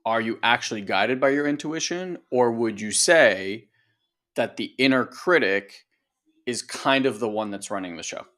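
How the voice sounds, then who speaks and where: Brief: male coach, conversational and lively, middle pitch, explaining with examples. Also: moderate pace. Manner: animated, acts out voices, conversational. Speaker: coach and co-host. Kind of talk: casual coaching podcast talk.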